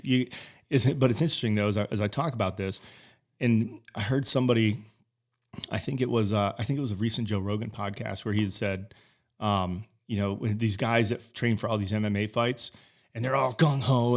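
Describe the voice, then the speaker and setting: A man's voice: lowish voice, steady tone, fairly quick. A man in his forties talking casually as a podcast guest, rambling and swearing, with many restarts. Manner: rambling, profane, frequent restarts. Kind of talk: casual conversation.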